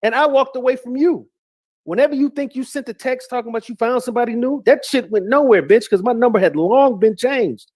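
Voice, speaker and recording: A man's voice: very high voice, fairly quick, a little mellow. A middle-aged man ranting heatedly as a YouTuber, repeating insults and swearing constantly. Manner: heated, profane, repetitive insults. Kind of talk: angry rant.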